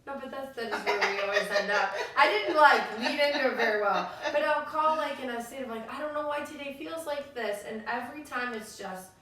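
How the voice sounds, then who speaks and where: A woman with a fairly high voice tells stories in an animated way, acting out what others said. She is a coach co-hosting a relaxed conversation. The sound is roomy and very echoey, from a mic set well back, with faint noise. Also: a little fast, few pauses, distant mic. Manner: animated storyteller, acts out quotes. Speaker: podcast co-host and coach. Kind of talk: casual conversation.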